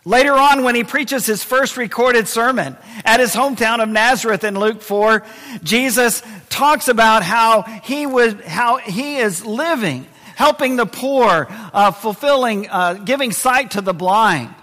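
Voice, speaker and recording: A man preaching a sermon, lively and expressive, dropping to a low, quiet voice to stress key points. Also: a little slow, long reverb tail. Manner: expressive preaching, drops to a low hush for emphasis. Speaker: pastor.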